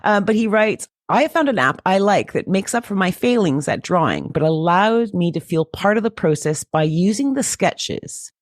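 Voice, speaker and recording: A woman co-hosting a podcast in casual chat, animated and swearing casually. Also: mid-range voice, normal speed, hardly any pauses, dry recording, clean studio sound. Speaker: podcast co-host.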